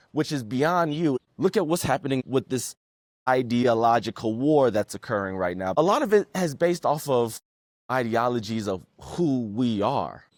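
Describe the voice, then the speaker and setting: A man hosts his own podcast alone, talking through ideas earnestly. His voice sits in a middle pitch, and he moves between storytelling and reflective musing. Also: a little mellow, no echo. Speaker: podcast host. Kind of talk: solo podcast commentary.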